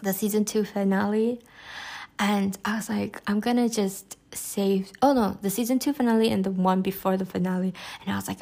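A woman chatting casually and excitedly about something she loves. She rambles, restarts sentences and fills pauses with "like" and "um". Her delivery is gushing and warm with frequent laughter. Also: medium pitch, creaky. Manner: enthusiastic, laughs often. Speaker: podcast reviewer. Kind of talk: casual chat.

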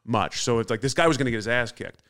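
Comedian guy telling a wild story, swears a lot, gets loud and animated. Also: mid-range voice, fast talker. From not from New York. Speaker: comedian guest. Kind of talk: casual storytelling.

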